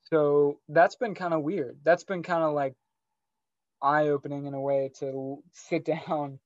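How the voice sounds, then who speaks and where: A young man chatting casually on a podcast, reflective and a little rambling, with a slightly higher voice than most men. The sound is dry and a touch dull, as if from a modest home mic. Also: steady tone, measured pace, no echo. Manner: rambling, reflective, laughs often. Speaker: podcast co-host. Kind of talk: casual chat.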